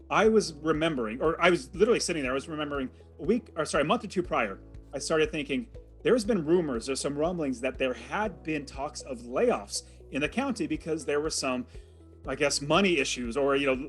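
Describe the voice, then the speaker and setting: A man's voice: a little high, lively intonation, fairly quick, a bit bright, faint music behind. A man telling a personal story as an interview guest, in a vivid and dramatic way. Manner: vivid, dramatic retelling with acted quotes.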